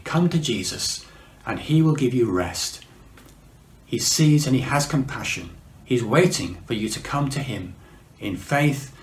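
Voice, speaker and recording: Man, mid-pitched preacher, unhurried sermon delivery, reverberant hall sound. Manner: measured, slows for emphasis, frequent fillers. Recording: echoey room.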